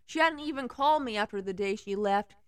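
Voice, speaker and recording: A woman's voice: fairly high pitch, animated, a little fast, clear, resonant tone, dry recording, clean studio sound. A young woman reading fanfiction aloud in a casual way, breaking off for giggly, sarcastic asides. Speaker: fanfiction reader.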